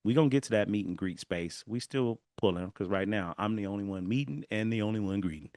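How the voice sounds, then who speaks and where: In a casual solo podcast, a Southern California man speaks at a quick pace with a fairly low pitch, recorded at studio quality without echo. He tells stories animatedly and laughs while talking straight to listeners.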